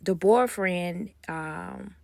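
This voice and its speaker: A woman telling a casual storytime, acting out quoted dialogue with animated gossipy energy, close to a phone mic. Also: fairly low pitch, drawn-out words, vocal fry, no room sound. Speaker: nanny vlogger.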